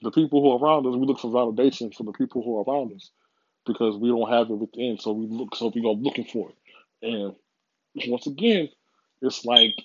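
A man's voice: medium pitch, breathy edge, no room sound. Man ranting profanely, dull dry recording. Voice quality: profane, rambling, repeats himself. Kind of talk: casual motivational monologue.

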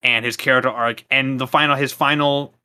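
A man co-hosting a relaxed podcast, rambling through his points with lots of fillers and restarts. His voice is bright and forceful, and his tone is casual and easy to laugh. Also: mid-range voice, a little fast, clean tone. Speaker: podcast co-host.

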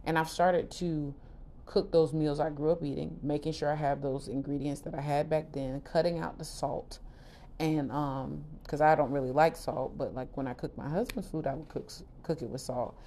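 A middle-aged woman hosting a podcast, telling her personal story candidly in a casual, expressive way with lively quoted asides. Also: deep voice, moderate pace, a little hiss or hum. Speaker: podcast host.

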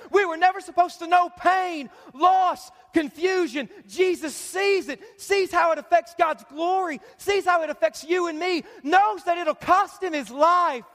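A man preaching a sermon as pastor, emphatic and repetitive, building up to shouts. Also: extremely high pitch. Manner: emphatic preaching, repeats phrases, rises to shouts. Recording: long reverb of a large hall.

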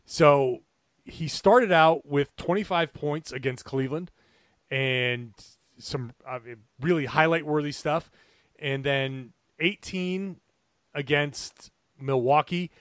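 A man talking basketball on a podcast in an eager, analytical way. His voice sits a bit higher than most men's. The recording is close and dry, with no room sound, and he stumbles and restarts as his excitement builds. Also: slow pace, no echo. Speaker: podcast co-host and basketball writer. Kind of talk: casual sports podcast chat.

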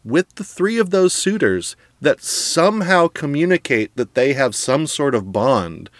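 A man's voice: a little high, measured pace, no room sound. Guy ranting about a movie w/ a buddy, laughy, super dry mic. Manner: animated, laughs often, acts out quotes in passing. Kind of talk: casual film discussion.

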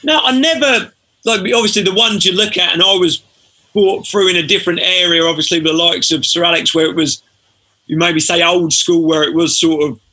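A man, a former footballer telling stories as a podcast guest in a relaxed way. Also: sits high, a little fast. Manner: relaxed storytelling, frequent fillers. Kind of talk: casual podcast interview.

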